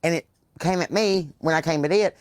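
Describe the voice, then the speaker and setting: A woman's voice: low-pitched, brisk, no room sound, clean studio sound. A woman, hosting a casual live chat from her porch and telling stories with salty language and plenty of swearing. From Southern US. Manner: animated, salty storytelling with swearing. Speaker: podcast host. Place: outdoors on a porch.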